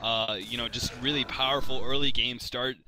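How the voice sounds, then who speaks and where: A man's voice: medium pitch, fairly even intonation, moderate pace, noisy background. A man commentating a video game match, rambling with lots of fillers and restarts. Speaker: esports commentator.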